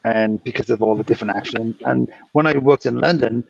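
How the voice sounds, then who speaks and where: A man co-hosting a casual podcast chat, telling animated casino anecdotes and acting out the quotes. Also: mid-range voice, fairly quick, vocal fry. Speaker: podcast co-host, former dealer. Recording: distant, dull lo-fi mic with faint noise.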